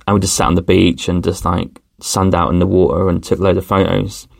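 A man's voice: low voice, flat delivery, brisk, creaky, dry recording, studio quality. A man telling a casual travel story as a podcast host, rambling with many fillers.

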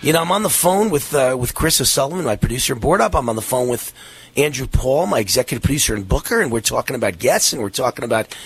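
A worn-out, breathless man runs his radio talk show, his voice a little husky. He rambles eagerly from one plug to the next, stumbling through fillers and restarts. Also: medium pitch, fast talker, soft background music. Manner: rambling, energetic, many fillers. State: out of breath, tired.

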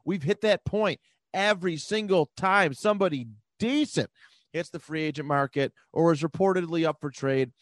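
A man's voice: fairly high pitch, moderate pace, dry recording. A man co-hosting a podcast, rambling loosely through casual sports chat, laughing often and swearing now and then. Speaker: podcast co-host.

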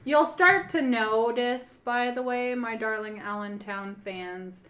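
A woman co-hosting a podcast, telling stories with animated excitement and swearing freely. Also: fairly high pitch, takes it slowly. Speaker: podcast co-host. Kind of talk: casual chat. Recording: roomy echo.

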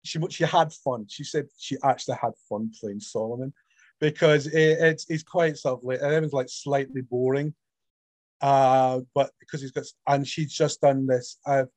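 In a relaxed interview chat, this author, a middle-aged man from Scotland with a Scottish accent, spins lively stories and performs the voices of the people he quotes. His voice is mid-range, with no room sound.

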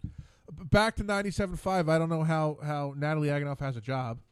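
A man's voice: on the high side, steady tone, fairly quick, clear, resonant tone, no room sound. Stammering, exasperated male radio host. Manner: stammering, repeating words, exasperated. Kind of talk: casual rambling monologue. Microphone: studio mic.

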